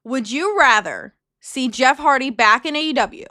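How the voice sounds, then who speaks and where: A woman's voice: high voice, expressive, moderate pace, pushed and bright, dry recording. A young woman co-hosting a casual podcast, chatty and laughing, swearing freely as she tells stories. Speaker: podcast co-host. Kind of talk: casual chat.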